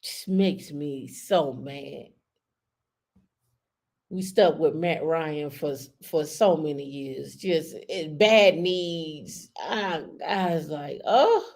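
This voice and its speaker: Low-voiced woman hosting a live stream. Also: extremely slow, a little mellow. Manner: chatty, addresses viewers directly. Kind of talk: casual live-stream chat.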